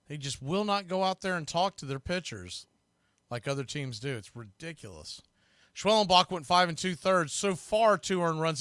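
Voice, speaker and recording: A man hosting fan play-by-play, rambling through opinionated asides between pitches on a close mic. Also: bright, forceful tone, no echo. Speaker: host and play-by-play announcer.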